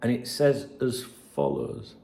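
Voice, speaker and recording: A man's voice: medium pitch, huge pitch swings, measured pace, gravelly, mellow. A man hosting a football channel, reading out messages and chatting to viewers in a sweary, rambling way. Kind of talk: casual solo commentary reading messages.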